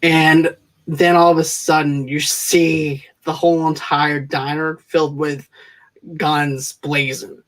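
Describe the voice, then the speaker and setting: A man on a casual movie review podcast, talking through a film's plot with rambling enthusiasm and lots of "uh"s. His voice sits a little higher than most men's. He keeps the talk loose and friendly. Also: level tone, slow, fairly bright tone. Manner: rambling, enthusiastic plot recap with frequent fillers.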